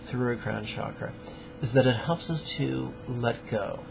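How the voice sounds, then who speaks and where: Gravelly-voiced male meditation teacher. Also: medium pitch, measured pace, music in the background, low-quality recording. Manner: playful, joking, plainspoken. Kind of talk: guided meditation lesson.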